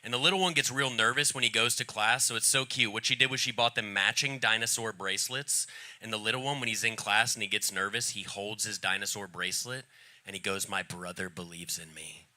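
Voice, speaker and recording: Man, stand-up comedian, bright voice, dark deadpan humor, voice shifts, stage mic. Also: fairly low pitch, a little fast. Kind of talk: stand-up set.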